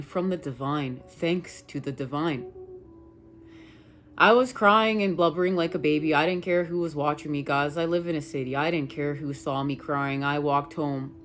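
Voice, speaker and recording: A woman tarot reader telling viewers a personal story in an emphatic, rambling way, swearing now and then. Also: low voice. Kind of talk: casual spiritual talk to viewers.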